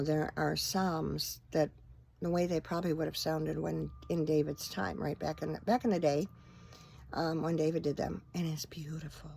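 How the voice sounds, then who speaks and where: A woman's voice: fairly low pitch, creaky, darkish tone. A middle-aged woman minister chatting earnestly into her phone camera for her vlog, rambling with fillers. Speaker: vlogger and minister. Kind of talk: casual faith-talk vlog.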